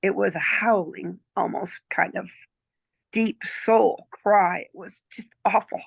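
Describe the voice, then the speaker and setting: Brief: gravelly-voiced woman in her sixties, chatty storyteller, dry close sound. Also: mid-range voice, slow pace, no room sound. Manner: chatty, checks in with "okay?" and "right?". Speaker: client giving a testimonial. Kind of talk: casual storytelling chat.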